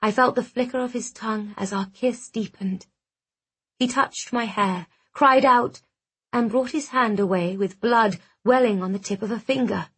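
A woman reading a first-person romance novel aloud, with soft, intimate narration and acted dialogue. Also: a little high, moderate pace, husky. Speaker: audiobook narrator.

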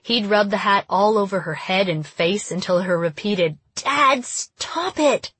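A woman narrating a first-person audiobook in an even, storytelling manner. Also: mid-range voice, moderate pace, slightly rough, no room sound.

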